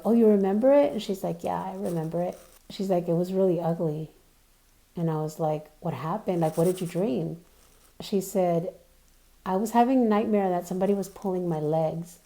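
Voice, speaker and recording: Mellow-voiced woman telling a story. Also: on the low side. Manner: chatty, many fillers and asides; earnest, insists she is telling the truth. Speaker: vlogger. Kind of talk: casual storytelling.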